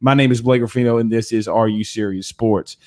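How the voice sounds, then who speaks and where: A man's voice: fairly low pitch, steady tone, a little fast, darkish tone. A man hosting a postgame sports show, ranting angrily with heavy cursing. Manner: cursing, heated and exasperated. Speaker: sports talk show host. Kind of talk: angry postgame rant.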